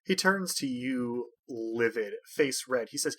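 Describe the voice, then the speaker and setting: A man's voice: medium pitch, expressive, takes it slowly, few pauses, a bit bright. A man narrating a tabletop game as game master, wry and dotted with hesitant fillers.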